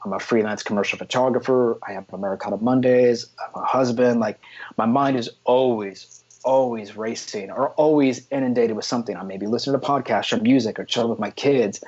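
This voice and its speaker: Husky man telling stories energetically. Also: medium pitch, dull audio. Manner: energetic storytelling with frequent "freaking" and "man". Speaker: guest photographer. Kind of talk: casual podcast interview.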